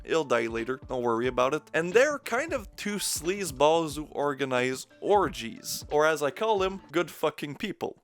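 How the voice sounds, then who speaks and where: A man's voice: on the high side, fairly bright tone. A man giving a casual, crude, sarcastic film review while mildly tipsy, swearing often. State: mildly intoxicated.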